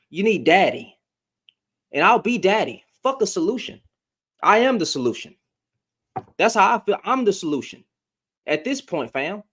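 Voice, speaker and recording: A man ranting to his followers in a blunt, heated, profane way, repeating himself and restarting lines as he gets worked up. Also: sits high. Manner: blunt, heated, profane, rising to exasperated outbursts. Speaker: social media commentator. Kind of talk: heated casual rant to followers.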